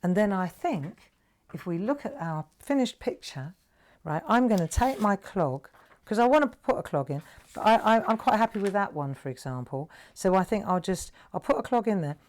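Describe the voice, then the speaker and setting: A woman's voice: medium pitch, lively intonation, normal speed. A woman hosting a live craft show, chatting and telling stories with a laugh. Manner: chatty, storytelling, laughs at own jokes. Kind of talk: live craft demonstration chat.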